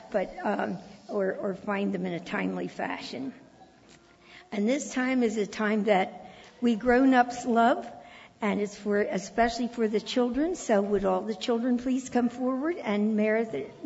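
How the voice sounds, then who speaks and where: A woman leads a church service, making relaxed announcements and joking lightly. Her voice is gravelly with a muffled tone. A long church reverb and faint room ambience sit behind her. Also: mid-range voice, a little hiss or hum. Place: church sanctuary. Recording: echoey church hall, dull lo-fi sound.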